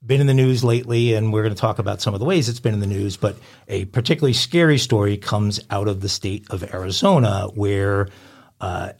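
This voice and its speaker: A man's voice: on the low side, fairly quick, vocal fry, darkish tone. A man co-hosting a crime podcast, reading out news stories in a conversational way with frequent ums and uhs. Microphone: podcast studio mic.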